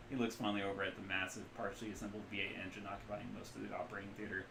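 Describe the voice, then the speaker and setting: A man's voice: on the low side, little pitch movement, very fast, creaky, few pauses, pushed and bright, slight background noise. A man streaming, casually reading out a text game and adding his own asides. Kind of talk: live-stream game narration. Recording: roomy echo.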